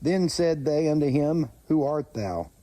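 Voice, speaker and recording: A man reads Bible passages aloud at an unhurried, deliberate pace, his voice dark and mellow. He stops to comment in plain speech and stumbles over names, correcting himself as he goes. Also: on the high side, lively intonation, no echo. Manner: slow, halting reading with self-corrections. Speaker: channel host reading scripture.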